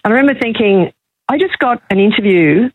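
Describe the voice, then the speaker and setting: A woman in her sixties tells an animated, emotional story. She is calling from her kitchen, and her voice comes through a thin, phone-like line. The sound is close and dry. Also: medium pitch, a little fast, dry recording. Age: 60s. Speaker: caller. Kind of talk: emotional radio call-in chat. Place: kitchen at home.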